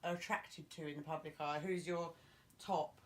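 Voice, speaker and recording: A woman's voice: deep voice, steady tone, normal speed. A woman guest in a casual chat, laughing often and playfully pushing back.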